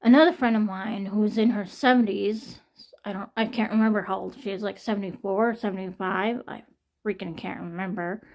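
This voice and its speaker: A woman's voice: mid-range voice, fairly even intonation, moderate pace, a little mellow. A young woman in an emotional personal vlog, venting and swearing, shaky and near tears from pain. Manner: distressed, venting, swearing often. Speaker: vlogger.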